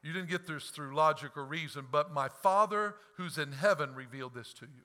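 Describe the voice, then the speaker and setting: A man preaching a fervent sermon as pastor, swinging between loud outbursts and hushed asides, acting out quoted lines with bursts of laughter. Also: fairly high pitch, fairly quick.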